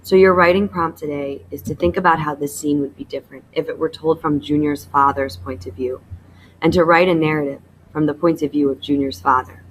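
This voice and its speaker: A woman teacher reading a novel aloud to her class in a plain, even manner, stopping to explain a writing task. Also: low voice, brisk, slight background noise, rough recording.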